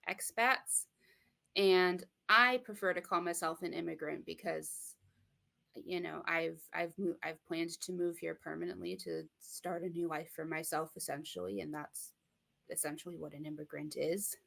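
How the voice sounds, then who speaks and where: A young woman from Michigan, USA, speaks in a fairly low, bright, forceful voice with vocal fry and a Midwestern accent. She's a thoughtful guest in a casual interview, using many fillers and restarts.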